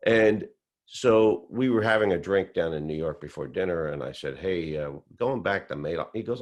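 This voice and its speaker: Man, very deep voice, animated storytelling, acts out quotes. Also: moderate pace. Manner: acts out quoted voices with big pitch swings. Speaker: speaker recounting whistleblowing story.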